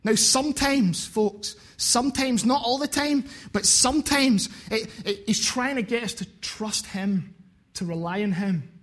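A man's voice: sits high, a little slow, fairly bright tone. A man preaching a sermon, earnest and repeating phrases for emphasis.

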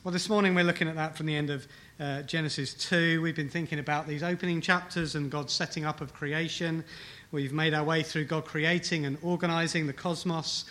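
A man's voice: a little high, fairly even intonation, fairly quick, bright, forceful tone. A man preaching a sermon to a congregation, emphatic, repeating key phrases and asking rhetorical questions. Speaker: pastor. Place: church hall with congregation.

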